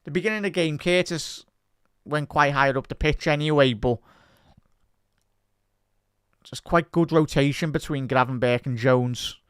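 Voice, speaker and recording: Excitable man commentating live. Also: a little high, normal speed, pauses often, clear, resonant tone, no room sound, studio quality. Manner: excitable, chatty fan commentary, talks to the chat. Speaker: host of a live football watch-along. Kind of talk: live match commentary and chat with viewers.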